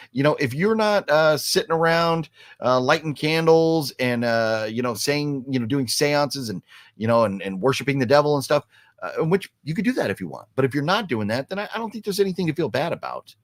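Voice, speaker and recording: A man's voice: mid-range voice, lively intonation, a little fast, dry recording, clean studio sound. A man talking casually on a live stream, rambling with lots of fillers and restarts as he answers chat. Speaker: vlogger reading live chat.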